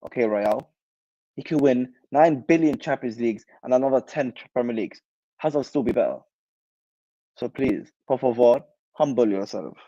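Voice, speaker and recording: A man's voice: medium pitch, expressive, normal speed, warm tone, lo-fi sound. A young man hosting a football channel, chatting casually and reacting animatedly to live comments in slang. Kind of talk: casual livestream chat.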